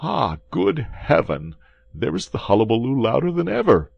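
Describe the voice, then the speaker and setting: A man voicing an excitable, fretting male innkeeper from a classic adventure novel audiobook, speaking in a pleading, hand-wringing way. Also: fairly low pitch, measured pace, vocal fry, breathy edge, dry recording, dull audio, voice pushed up, exaggerated voice. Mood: fretful.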